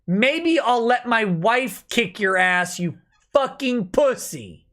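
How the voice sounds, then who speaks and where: Slow-talking drunk man ranting. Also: very high-pitched, very animated, sharp tone. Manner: angry, profane ranting. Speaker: livestream host. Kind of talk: late-night livestream rant.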